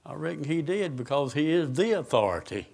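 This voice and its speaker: A man's voice: on the high side, sing-song, fairly quick, vocal fry, darkish tone. A man preaching a sermon, asking the congregation questions and answering them himself.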